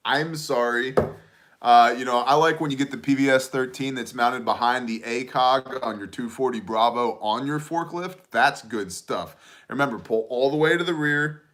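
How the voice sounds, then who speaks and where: Male host, 30s, bright forceful tone, casual jokey livestream chat. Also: mid-range voice, moderate pace. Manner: joking, conversational, reads chat aloud.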